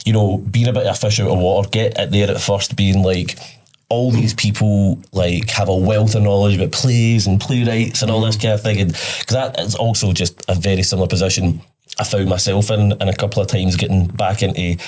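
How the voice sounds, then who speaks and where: A Scottish man hosting a casual chat show, laughing a lot and jumping up in pitch when excited. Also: brisk. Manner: laughs a lot, jumps high when animated. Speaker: podcast host.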